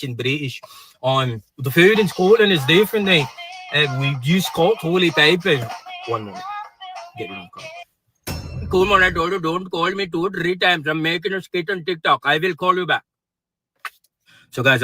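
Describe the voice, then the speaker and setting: Brief: male, teasing skit delivery, sharp bright tone. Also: fairly high pitch, dry recording. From Jamaica. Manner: playful, joking, teasing. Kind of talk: comic social media skit.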